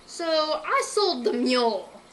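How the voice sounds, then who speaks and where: A woman's voice: high-pitched, sing-song, a bit bright, slight background noise, voice pushed up, exaggerated voice, rough recording. A woman voicing a boastful, greedy rich villain man, drawing out his sneering lines in a storybook reading. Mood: gloating. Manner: boastful, sneering, drawn-out delivery.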